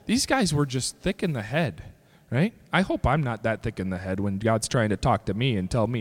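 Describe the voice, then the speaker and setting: A male pastor preaching a sermon, reading scripture slowly and breaking into shouted bursts. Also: mid-range voice, sing-song, long reverb tail.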